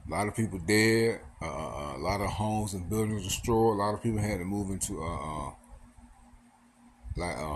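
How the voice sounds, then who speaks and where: A man's voice: fairly low pitch, slight background noise. A man giving a casual sermon, reading scripture aloud and often adding "man" and "all right". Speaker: preacher. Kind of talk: casual street-style sermon.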